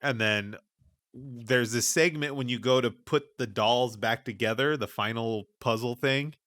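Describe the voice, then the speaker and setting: A man's voice: mid-range voice, measured pace, a bit bright, no echo, studio quality. A man on a gaming podcast, casually and animatedly retelling a scary play session, swearing as he goes. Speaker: podcast host.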